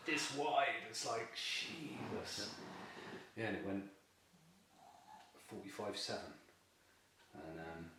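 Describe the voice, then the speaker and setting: A man's voice: on the low side, far from the mic. Man, echoey and off-mic. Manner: lively, chatty, laughs often while telling the tale. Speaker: carp angler, fishing team member. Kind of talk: casual storytelling in an interview. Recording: very echoey room, voice off-mic with faint noise.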